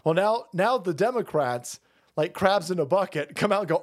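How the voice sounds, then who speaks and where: A man's voice: high voice, expressive, normal speed. A man hosting a livestream, ranting about politics in a heated, crude and mocking way and swearing constantly. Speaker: livestream host. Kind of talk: profane political rant on a livestream.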